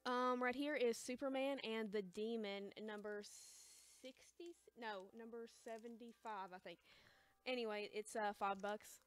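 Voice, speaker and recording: A young woman with an American accent chatting casually while selling comics on a livestream, hesitant and rambling, calling herself quiet and awkward. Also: fairly high pitch, fairly even intonation, unhurried, smooth. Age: young adult. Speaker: shop livestream seller. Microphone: close mic, chewing gum.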